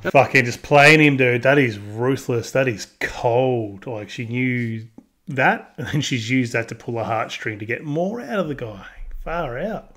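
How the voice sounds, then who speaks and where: A man's voice: mid-range voice, lively intonation, measured pace, fairly bright tone. A man hosting a show, reacting to a guest's story with blunt, crude, slangy comments. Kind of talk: casual commentary.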